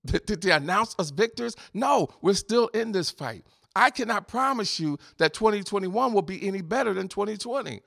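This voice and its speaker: A man's voice: high-pitched, lively intonation, normal speed, vocal fry, fairly bright tone. A man preaching a sermon to his congregation, asking rhetorical questions and repeating refrains. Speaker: pastor.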